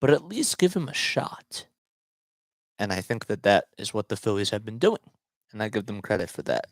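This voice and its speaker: A man's voice: fairly low pitch, very animated, normal speed, no echo. Chatty man rambling through sports commentary. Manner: rambling, chatty, often restarts and digresses. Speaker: sports talk show host. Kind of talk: casual solo sports commentary.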